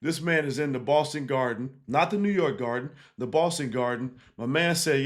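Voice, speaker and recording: A man, a basketball coach, casually breaking down game film, animated and laughing easily, tagging points with 'right?'. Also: mid-range voice, moderate pace. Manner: animated, keeps checking in with 'right?' and 'again'; laughs easily while explaining.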